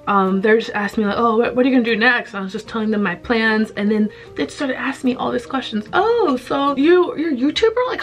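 A woman vlogger casually telling a story to the camera, chatty and animated, laughing often. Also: fairly high pitch. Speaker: YouTuber vlogger.

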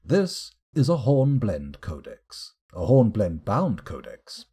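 Dry, husky-voiced man reading game text. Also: lowish voice, wildly swooping pitch, dark tone. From United Kingdom. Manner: dry, sardonic asides, drawn-out reading. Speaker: streamer.

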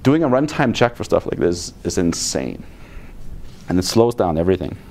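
Low-pitched man at a conference talk, blunt and exasperated, with sarcastic asides. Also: sing-song, normal speed, darkish tone. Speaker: conference speaker. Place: conference room.

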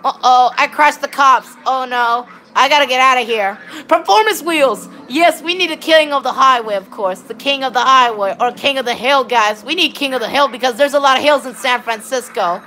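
A woman giving excitable, rambling live commentary on her gameplay while chatting with viewers. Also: sits high, brisk, hardly any pauses, slight background noise. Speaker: game streamer.

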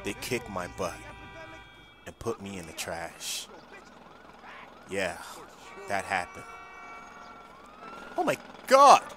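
A man narrating and voicing the lead in a game story video, excitable and slangy. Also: deep voice, slow, pauses often, music in the background. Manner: excitable, slangy, often yelling for help.

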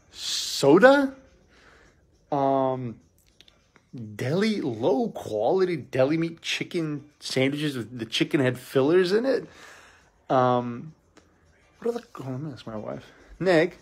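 A middle-aged man, a business coach, talking in a casual live vlog, energetic and preachy, repeating himself and calling the listener "dude". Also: on the high side, husky.

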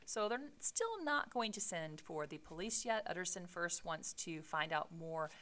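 A woman's voice: fairly low pitch, very animated, a little slow, fairly bright tone. A woman teacher reading a classic novel aloud and stopping to explain it, casual and explanatory with frequent "um" and "right?".

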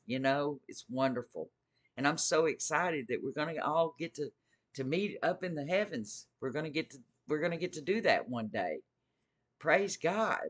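A man's voice: mid-range voice, moderate pace, a bit bright. A man preaching informally to his viewers, earnest and eager, often repeating his phrases. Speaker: Christian video host.

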